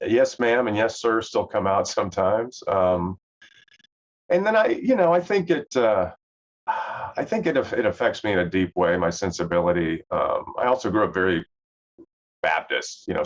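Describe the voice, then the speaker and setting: Deep-voiced man with a faint Southern lilt. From Southern US, Memphis. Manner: relaxed, rambling, many fillers and restarts. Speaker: actor guest. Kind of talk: casual interview chat. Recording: dull lo-fi sound.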